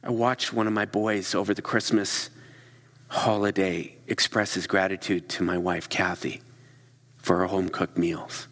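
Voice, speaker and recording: Man, middle-aged, sermon, husky voice, long hall reverb. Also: low voice, a little slow. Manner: animated storytelling, acting out quiet whispered asides.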